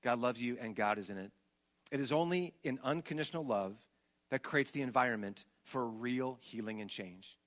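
A man's voice: mid-range voice, moderate pace. Middle-aged man preaching with soaring emphasis. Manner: storytelling, swings between soaring emphatic peaks and soft hushed passages. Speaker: pastor. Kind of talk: sermon.

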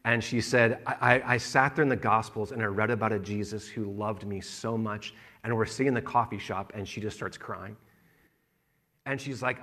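A man's voice: mid-range voice, moderate pace, bright, forceful tone. A man preaching a sermon, retelling a woman's story and then rousing the congregation. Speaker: pastor.

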